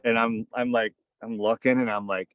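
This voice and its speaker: A man guest on a podcast telling a story casually, rambling with many fillers and hushing his voice for quoted asides. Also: lowish voice, flat delivery, normal speed, clean tone, no echo, low-quality recording. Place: outdoors on a fishing boat.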